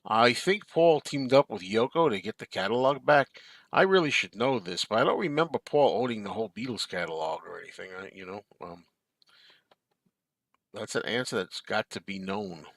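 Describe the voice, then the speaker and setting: A man streams live from a desk at home, his lowish voice animated and moderately paced, recorded dry. He keeps things casual, chuckling a lot as he reads viewer comments and responds to chat in a relaxed manner.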